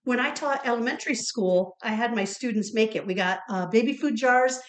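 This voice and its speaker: A woman's voice: a little high, a little fast, roomy sound. A woman from Ohio co-hosting a cooking podcast, chatting and telling stories while she cooks in a home kitchen. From Ohio, USA. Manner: chatty, storytelling, laughs often. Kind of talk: casual chat while cooking.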